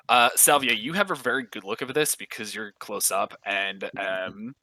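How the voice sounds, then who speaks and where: A man narrating a tabletop game as dungeon master, loose and chatty, with a lot of fillers. His voice is bright and forward. It is recorded close and dry, with almost no room sound. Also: lowish voice, moderate pace, hardly any pauses, no room sound, low-quality recording. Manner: casual, filler-heavy description.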